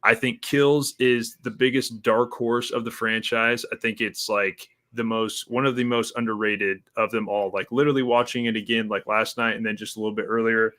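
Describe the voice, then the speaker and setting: A man's voice: on the low side, normal speed, few pauses. A young man chatting casually as podcast host, swearing a lot and mocking lines in exaggerated voices. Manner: profane, animated, mocks film lines in exaggerated voices. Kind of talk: casual chat.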